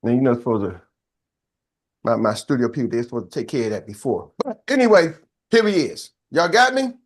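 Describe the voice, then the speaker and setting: A man's voice: mid-range voice, brisk. An older man coaching a live business masterclass, talking with energy, repeating key phrases and asking his audience to answer back. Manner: energetic, repetitive and call-and-response.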